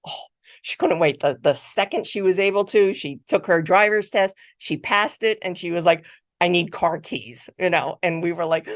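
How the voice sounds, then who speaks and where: A middle-aged woman giving a motivational keynote, telling a personal story in a conversational, animated way and often repeating words. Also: fairly low pitch, moderate pace, dry recording, clean studio sound. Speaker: keynote speaker. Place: virtual conference talk.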